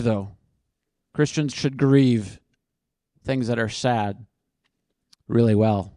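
A man's voice: mid-range voice, slow, warm tone, no room sound, studio quality. A man speaking at a conference and answering audience questions off the cuff, thinking aloud in a casual, self-deprecating way.

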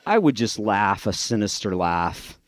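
Middle-aged male speaker, sarcastic, animated, dry close recording. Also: fairly low pitch, measured pace, dry recording. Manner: sarcastic, animated, mock voices for others. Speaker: speaker addressing a live audience. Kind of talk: sarcastic talk to an audience.

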